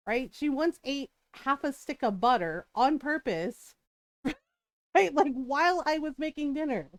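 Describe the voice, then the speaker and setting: On her stream, a middle-aged mother swaps home stories in a relaxed chat, laughing a lot and asking "right?" along the way. Her high voice has lively intonation and a slightly slow pace, with no room sound.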